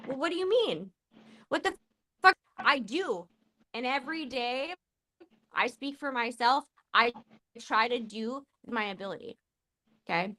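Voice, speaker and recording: Slow, bright-voiced impassioned woman. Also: a little high, lively intonation. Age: 40s. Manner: impassioned, swearing, halting restarts. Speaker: podcast host. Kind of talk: emotional casual chat.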